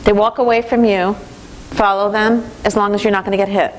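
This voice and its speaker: A woman giving a parenting training lecture in an animated way, acting out the voices of teens and parents. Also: medium pitch, a little fast, slight background noise.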